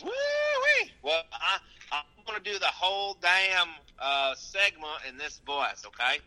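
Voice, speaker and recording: A man's voice: high voice, wildly swooping pitch, a little slow, sharp tone, voice pushed up, heavily acted, poor audio. A man voicing a twangy Southern redneck pizza clerk with an exaggerated, hollering put-on accent. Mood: rowdy.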